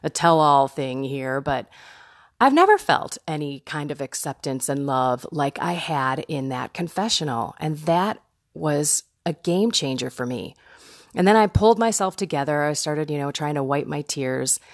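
A woman podcast host telling a personal story in a chatty, animated way, laughing now and then. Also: deep voice, normal speed, no room sound, studio quality.

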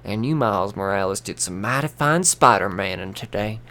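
A man voicing a woman hero with a put-on hick drawl and a lowered, folksy delivery. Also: animated, normal speed, sharp tone. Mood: approving.

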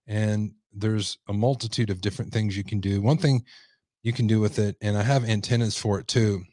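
A man's voice: lowish voice, steady tone, moderate pace, a little mellow, dry recording, studio quality. A man hosting a livestream commentary show, talking casually and rambling as he reads viewer comments. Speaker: host.

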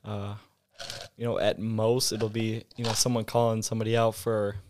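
A young man in casual chat, relaxed and rambling, with lots of filler words. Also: on the low side, normal speed, a little hiss or hum.

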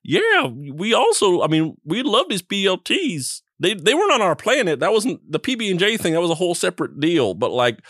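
A relaxed alien fellow , as a man puts him on, talks in a voice pitched a bit above his own. He sounds casual and matter-of-fact, lively in his ups and downs. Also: fairly quick, hardly any pauses, dry recording, studio quality, full character voice. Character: laid-back male alien who loves sandwiches.

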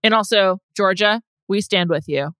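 A woman's voice: medium pitch, clear, resonant tone, no room sound. A young woman co-hosting a podcast, chatting casually and laughing easily. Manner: chatty, animated, quick to laugh. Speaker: podcast co-host. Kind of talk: casual chat.

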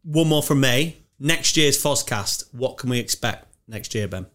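A man's voice: mid-range voice, animated, unhurried, a bit bright. A man co-hosting a casual podcast, chipping in with brief, eager prompts. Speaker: podcast co-host. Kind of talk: casual chat.

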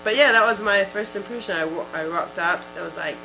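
A young woman with a New Zealand accent, a rugby player telling lively stories as a guest in a casual interview, acting out quotes with lots of "like". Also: mid-range voice, fairly quick, vocal fry. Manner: storytelling, lively, acts out quotes, frequent "like". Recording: steady electrical hum behind.

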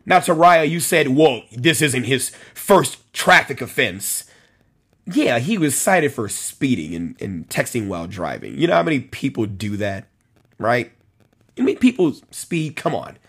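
Host, male, husky voice with a lively rise and fall, live-stream commentary, talks to commenters by name. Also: mid-range voice, a little slow. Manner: conversational, repeats phrases for emphasis, addresses commenters by name. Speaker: host of a policing talk show.

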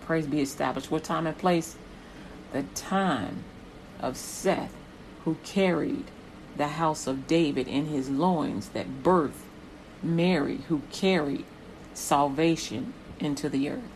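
A woman's voice: deep voice, slow, a little mellow, slight background noise, poor audio. A woman preaching a sermon with rhythmic repetitions that build in intensity.

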